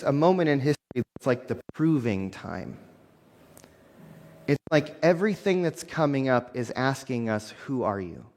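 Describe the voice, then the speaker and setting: A man's voice: mid-range voice, a little mellow, big-room sound. A man preaching a sermon as a minister, earnest and building emphasis through repeated phrases.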